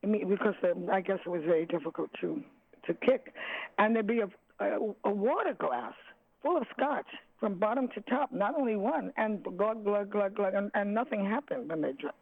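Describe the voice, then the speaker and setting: A woman's voice: medium pitch, expressive, vocal fry, slightly rough, no room sound. Older woman speaking over a tinny phone line. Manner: halting, searching for words, many restarts. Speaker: jazz singer, guest. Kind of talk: reminiscing interview.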